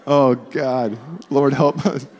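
A man in his forties preaches a loose, chatty sermon. His pitch sits in a middle range for a man, and he keeps poking fun at himself. The sound carries the long reverb of a church hall. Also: steady tone, slow, darkish tone. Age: 40s. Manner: joking, self-deprecating and chatty. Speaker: pastor. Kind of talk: conversational sermon. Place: church sanctuary.

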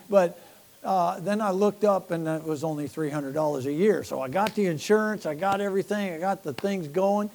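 Older man, pastor, folksy sermon storytelling, lively asides, slightly high pitch. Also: a little fast.

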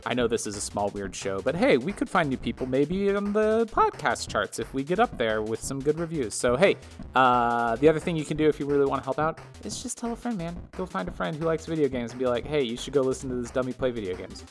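A man's voice: a little high, very animated, fairly quick, hardly any pauses, soft background music. A man hosting a podcast, giving a casual, chatty plug with fillers. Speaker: podcast host. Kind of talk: casual promo read.

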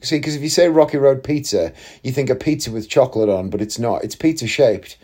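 A man's voice: medium pitch, lively intonation, a little fast, darkish tone, breathy edge. A man, telling a long story in a chatty, rambling way with wry asides. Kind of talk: casual storytelling monologue.

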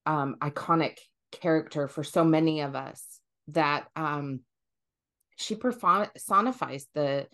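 Animated lowish-voiced woman podcast host. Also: slow pace. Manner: animated, thinks aloud with fillers and restarts. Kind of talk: casual conversational podcast.

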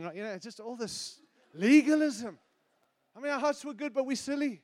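A middle-aged man preaching a sermon, animated and teasing, moving between loud emphasis and hushed asides. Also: high voice, fast. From outside the United States.

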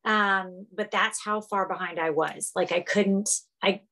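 A middle-aged woman, a guest on an interview podcast, telling her story in a casual, animated way over a video call and laughing often. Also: mid-range voice, unhurried, low-quality recording. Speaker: podcast guest, fitness instructor.

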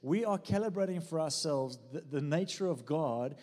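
A man preaching a sermon in a church, his voice pitched a little high. His talk swings from earnest prayer to joking asides and prompts for the congregation, and the church hall adds a long ringing reverb. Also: expressive, normal speed, a little mellow. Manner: fervent preaching with jokes and audience prompts. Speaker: pastor.

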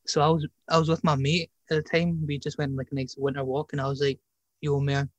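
A man's voice: fairly high pitch, level tone, quick pace, no echo, muffled recording. A young man hosting a podcast in casual chat, slangy and teasing, often breaking into laughter. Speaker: podcast host.

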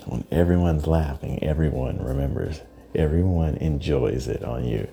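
A man delivering a profane, rambling monologue as a podcast host, often dropping into hushed, breathy asides. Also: rumbling low, moderate pace.

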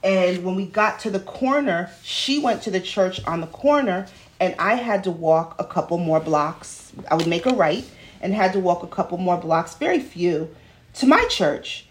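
A woman's voice: on the low side, expressive, moderate pace. A woman from New York City hosting a podcast, talking in a casual solo monologue, chatty and full of digressions, recorded in a home studio. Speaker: podcast host.

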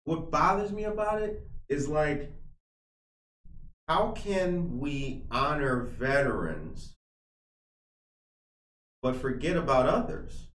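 A man's voice: a little high, animated, takes it slowly, long pauses, a bit bright. A man hosting a morning talk show, chatting in an earnest, rambling way that turns fired up. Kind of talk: casual talk show chat. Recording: roomy echo.

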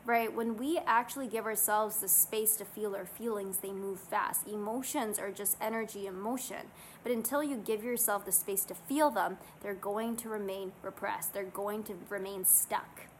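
A woman vlogger talking casually and earnestly to camera, guiding listeners through calming self-help steps. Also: mid-range voice, moderate pace, slight background noise, low-quality recording. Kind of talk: casual motivational talk to camera.

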